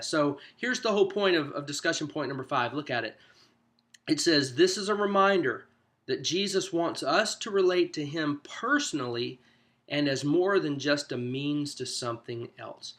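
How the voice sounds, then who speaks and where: A man's voice: fairly high pitch, moderate pace, fairly bright tone. A man, a pastor, coaching small group leaders through a discussion guide in a loose, conversational teaching manner. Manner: conversational, loose, with frequent "you know" asides. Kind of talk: informal teaching walkthrough.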